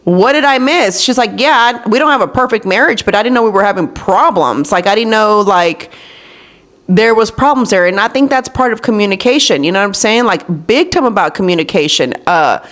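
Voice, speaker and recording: A woman's voice: medium pitch, lively intonation, fairly quick, fairly bright tone. A woman in her thirties hosting a podcast, telling candid stories in casual chat and acting out the people she quotes. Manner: candid storytelling, acts out quotes. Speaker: podcast host.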